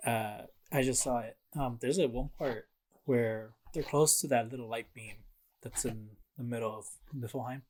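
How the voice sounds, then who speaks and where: A man's voice: medium pitch, steady tone, normal speed, darkish tone, slight background noise. A man co-hosting a casual podcast, talking through a video game with lots of fillers and laughs. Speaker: podcast co-host.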